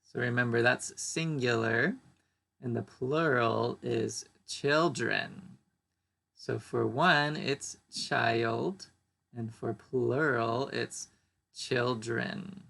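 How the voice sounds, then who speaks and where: Slow, gravelly-voiced male English teacher. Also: mid-range voice, a bit bright. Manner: slow, deliberate modeling of each word twice. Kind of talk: pronunciation lesson.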